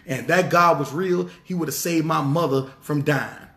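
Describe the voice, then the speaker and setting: A man's voice: fairly high pitch, normal speed, a bit bright. Emphatic preacher man, roomy echo. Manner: emphatic, repetitive, rhetorical questions. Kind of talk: sermon.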